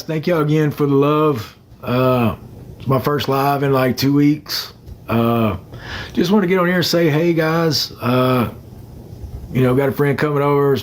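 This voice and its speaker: A man's voice: mid-range voice, slight background noise. A young man chatting casually on a phone livestream, rambling and greeting commenters by name.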